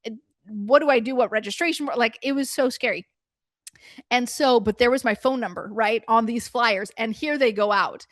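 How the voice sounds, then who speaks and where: Animated woman coach telling a story. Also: on the high side, moderate pace, no echo, studio quality. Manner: animated storytelling, acting out her own past reactions. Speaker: preschool business coach. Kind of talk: storytelling workshop presentation.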